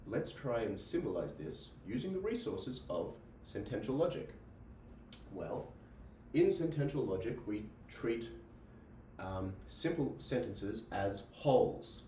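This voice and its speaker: A man with a fairly low, dark, sing-song voice takes his time lecturing on logic in a classroom with a board. He restarts phrases, repeats himself, and checks in with "right?". Recorded in an echoey room with a distant mic and slight background noise.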